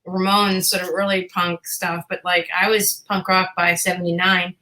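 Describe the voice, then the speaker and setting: A woman's voice: lowish voice, level tone, moderate pace, bright, forceful tone, low-quality recording. A woman in her fifties from Boston, an actress chatting as an interview guest, self-deprecating and casual, with the odd swear. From Boston, USA.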